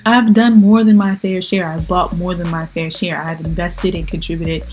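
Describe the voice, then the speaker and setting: A young woman vlogging, retelling a conflict with her roommate in an animated, exasperated way and acting out the quoted lines. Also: fairly low pitch, normal speed, soft background music. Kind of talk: storytelling to camera.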